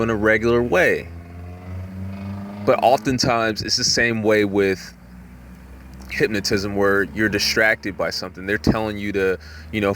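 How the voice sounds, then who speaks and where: A man talking in a rambling, casual monologue, full of "you know" fillers, sometimes jumping up in pitch to act out voices. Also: a bit bright, a little hiss or hum. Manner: acts out voices with jumps in pitch.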